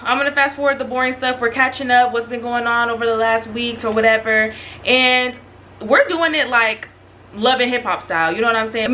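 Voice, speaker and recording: Speaking directly to her audience, this young female vlogger runs through a relaxed storytime full of slang and animated chatter. Her pitch is fairly high, and there's slight noise in the background.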